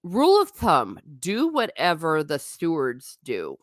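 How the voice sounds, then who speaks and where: A woman's voice: low voice, wildly swooping pitch, a little slow, no room sound. A woman hosting a casual live stream, chatting irreverently with her viewers, laughing often and swearing mildly. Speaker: vlogger reading live chat.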